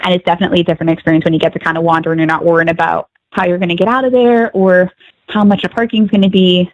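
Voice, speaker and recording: A woman guest calling in to a podcast, chatting in an upbeat way with quick asides. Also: lowish voice, fairly even intonation, no room sound, dull audio. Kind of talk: casual chat.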